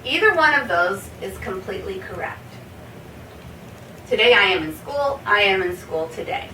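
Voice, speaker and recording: A woman teaching a basic English lesson, spelling out example sentences slowly word by word and checking in with "okay?". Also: mid-range voice, very animated, pushed and bright. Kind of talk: slow classroom explanation. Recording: roomy echo, from a distance, faint hiss.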